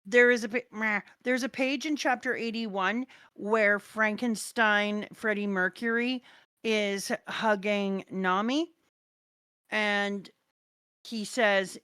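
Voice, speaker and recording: Casting: woman co-host, lively storyteller who bursts out loud at times, dry close mic. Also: mid-range voice, slow, clear, resonant tone, no room sound. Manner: animated, swings from hushed retelling to loud outbursts. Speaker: podcast co-host. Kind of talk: casual chat.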